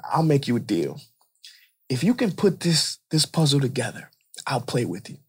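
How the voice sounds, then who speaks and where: A man's voice: mid-range voice, big pitch swings, moderate pace, slightly rough. A man voicing a father trying to get his son out of the way so he can watch a game. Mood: coaxing. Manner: exasperated, then smug.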